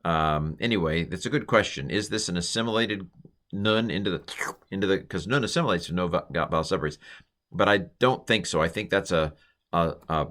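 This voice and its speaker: Male teacher, deep voice with a bright, forceful edge, relaxed and chatty, walks through grammar point by point. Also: a little fast. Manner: chatty, explains step by step with playful asides. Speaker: Hebrew teacher. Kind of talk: informal grammar lesson.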